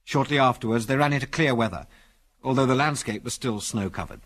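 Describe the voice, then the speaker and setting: A man reading an adventure story aloud as narrator, in an expressive storytelling manner. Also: medium pitch, brisk. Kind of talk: audiobook reading.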